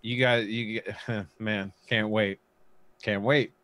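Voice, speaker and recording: A man's voice: on the low side, fairly even intonation, slow pace, a bit bright, no room sound. A man co-hosting a casual sports stream, teasing and laughing. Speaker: co-host.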